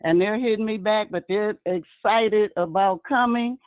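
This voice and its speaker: Excited woman telling stories over the phone. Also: mid-range voice, measured pace, no echo. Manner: excited storytelling, addresses listeners as y'all. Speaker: guest vendor sharing her experience. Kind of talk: casual phone-in chat. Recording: tinny phone line.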